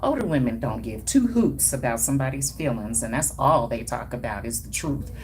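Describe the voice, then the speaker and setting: Sassy low-voiced woman stylist, livestream. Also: lively intonation, brisk, a little mellow, a little hiss or hum. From Denver, Colorado. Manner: sassy, emphatic, colloquial, chuckling asides. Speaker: hair stylist and brand owner. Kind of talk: casual livestream talk to viewers.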